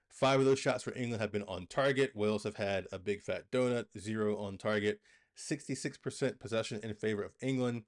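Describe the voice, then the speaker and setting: A man with a fairly low voice hosts a live football watch-along. He calls the action play by play, with excitable bursts when an attack builds. Between plays he chats loosely to his viewers and reads out the match stats.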